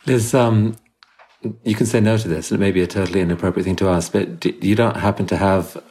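A man's voice: low voice, steady tone, fast talker, darkish tone. A man hosting an interview, asking his guest questions in a tentative, polite way. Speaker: interviewer host.

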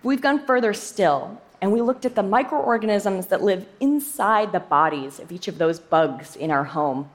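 Woman scientist giving a lively talk. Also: mid-range voice, normal speed, few pauses. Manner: lively, emphatic delivery with playful asides. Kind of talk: prepared public talk.

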